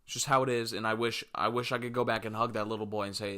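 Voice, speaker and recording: A man's voice: lowish voice, level tone, fast talker, few pauses, sharp tone. A man in his twenties hosting a solo podcast, talking casually in a rambling, jokey way and swearing freely as he drifts between topics. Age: 20s. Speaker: podcast host.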